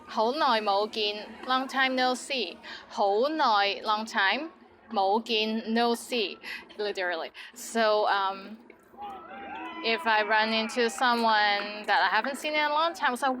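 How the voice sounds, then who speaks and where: A woman's voice: fairly high pitch, slow, fairly bright tone, a little hiss or hum. A woman giving a bilingual language lesson, upbeat and demonstrative, modeling phrases with playful intonation. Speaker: language teacher.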